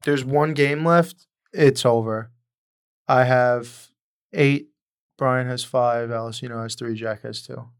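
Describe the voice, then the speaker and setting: A man hosting a casual sports betting chat, quick and wisecracking. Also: medium pitch, steady tone, clear, resonant tone. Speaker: podcast host.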